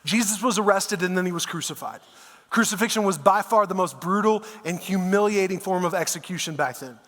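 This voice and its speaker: High-voiced male pastor in echoing hall. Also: brisk, a bit bright. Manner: conversational storytelling, casual asides like "man" and "dude". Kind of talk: sermon. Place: church auditorium.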